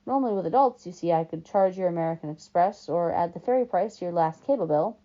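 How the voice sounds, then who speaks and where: A woman voicing a smooth, greedy male ferryman of the dead, with a put-on British-like accent, drawling sweetly and coldly. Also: fairly low pitch, animated, fast talker, warm tone, natural voice. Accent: put-on British-like accent, as a second language. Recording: dull lo-fi recording.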